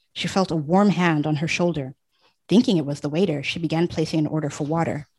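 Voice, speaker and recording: A woman narrates a novel in a steady, even manner. Her voice sits low and husky. The sound is dry and close. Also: dry recording, rough recording. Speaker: audiobook narrator. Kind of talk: audiobook narration.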